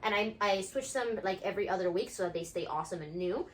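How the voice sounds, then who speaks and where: A woman's voice: medium pitch, fast. A woman dog trainer explaining play training to viewers at home, talking to her puppy in between. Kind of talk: casual instructional video.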